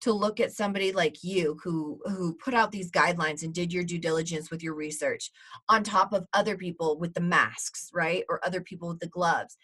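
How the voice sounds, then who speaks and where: A woman co-hosting a podcast, talking in a rambling, animated way with lots of fillers. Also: on the low side, brisk, husky. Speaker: podcast co-host. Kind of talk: casual podcast chat.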